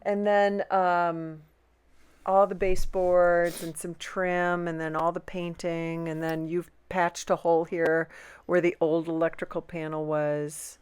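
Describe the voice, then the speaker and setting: A woman co-hosting a casual podcast from a home basement studio, chatting in relaxed, playful banter. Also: fairly low pitch, a little slow, clear, resonant tone, no echo. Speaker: podcast co-host. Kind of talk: casual chat.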